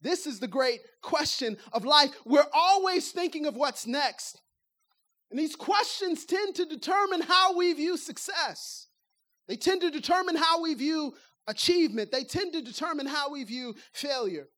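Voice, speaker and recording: A woman preaching a lively sermon in a conversational way, firing rhetorical questions at the congregation and acting out everyday talk to make her points. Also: sits high, measured pace.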